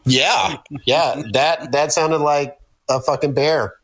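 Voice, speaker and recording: A man's voice: on the high side, fairly even intonation, slow, a bit bright, low-quality recording. A man guesting on a podcast, telling stories in a profane, laughing, casual way.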